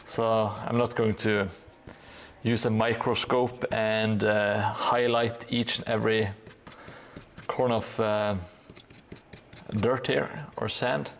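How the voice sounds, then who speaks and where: A man streaming while he paints, chatting casually in a halting way with dry, sarcastic jokes. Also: on the low side, level tone, vocal fry. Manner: halting, with many hesitations. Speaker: hobby streamer painting a gaming board.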